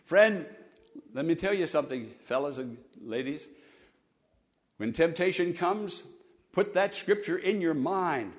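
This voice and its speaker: A male pastor delivering a sermon in a church sanctuary, his voice sitting a touch high for a man. He swings from loud, emphatic declarations down to soft, hushed storytelling. He draws his congregation into call-and-response repetition. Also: lively intonation, measured pace, long pauses.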